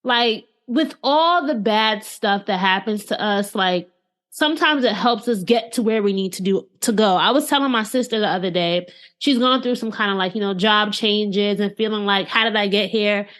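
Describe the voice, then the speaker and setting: A woman's voice: medium pitch, normal speed, fairly bright tone. A woman hosting a podcast interview, asking probing questions in a conversational way, often adding "like" and "right?". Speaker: podcast host.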